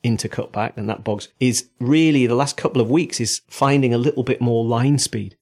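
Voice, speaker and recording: A man's voice: medium pitch, normal speed, darkish tone. A man co-hosting a podcast, talking casually and rambling as he thinks aloud. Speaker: podcast co-host. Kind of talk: casual chat.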